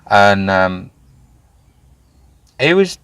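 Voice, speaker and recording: A man, telling his own story candidly in an interview, animated and swearing freely. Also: lowish voice, very slow, clear, resonant tone, dry recording. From Wales. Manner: animated, swears freely, acts out quoted voices. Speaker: guest.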